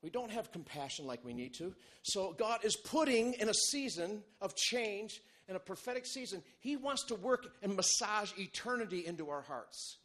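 A male pastor preaching a sermon, animated and humorous, moving between loud bursts and quiet, low asides. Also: moderate pace, hardly any pauses. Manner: animated, humorous preaching with big swings in loudness.

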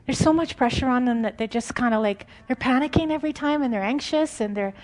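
A woman preaching an informal, conversational sermon, animated and often laughing. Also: high voice, fast.

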